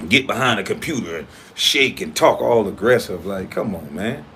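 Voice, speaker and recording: A man's voice: fairly low pitch, animated, normal speed, sharp tone, slight background noise. A man hosting his own livestream, talking in a casual, blunt and profane way as he confronts a critic. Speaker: livestream host.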